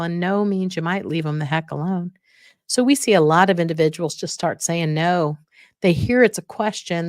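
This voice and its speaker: A middle-aged woman hosts an instructional podcast in a somewhat low voice, coaching her listeners directly and driving her main points home with repetition. She is recorded on a close mic in a dry space with no room sound. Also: darkish tone, no echo. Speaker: podcast host.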